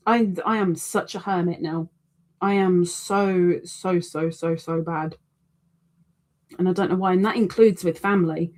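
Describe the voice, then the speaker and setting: A woman's voice: on the low side, steady tone, unhurried, long pauses, a little mellow. A middle-aged woman hosting a crochet live stream, chatting casually and self-deprecatingly, reading out viewer comments.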